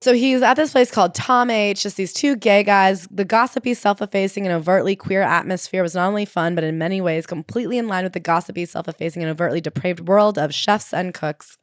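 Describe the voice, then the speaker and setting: A woman co-hosting a casual book-club podcast, jokey and animated, reading quotes aloud. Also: medium pitch, fairly quick, few pauses, no room sound, clean studio sound. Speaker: podcast co-host.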